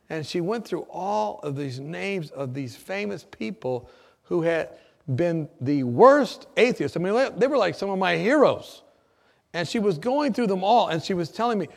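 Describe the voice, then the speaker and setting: Animated gravelly man telling a story. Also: sits high, normal speed. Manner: lively, acts out quoted voices, laughs at own story. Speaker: former nurse telling a story.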